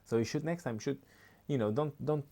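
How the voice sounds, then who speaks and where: A man's voice: medium pitch, fairly quick, dark tone, voice pushed up, lightly acted. A man voicing a chirpy woman shop clerk, speaking in a singsong customer-service politeness.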